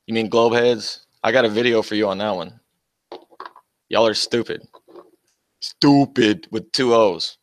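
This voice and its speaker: A man's voice: fairly low pitch, little pitch movement, moderate pace, pauses often. Mocking, profane young man streaming. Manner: combative, mocking, profane, laughing often. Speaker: livestream host. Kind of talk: casual livestream, reading and answering chat.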